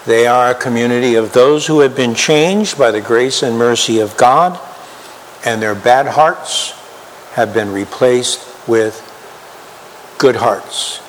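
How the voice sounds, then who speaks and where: A man preaching a sermon as pastor, emphatic and slow, asking the congregation rhetorical questions. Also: mid-range voice. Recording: long hall reverb, faint room noise.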